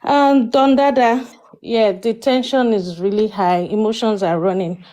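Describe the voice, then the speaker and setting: A woman's voice: fairly high pitch, steady tone, a little slow, dark tone. Polite, questioning woman on a call. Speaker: participant in a live audio discussion. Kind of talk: live audio chat.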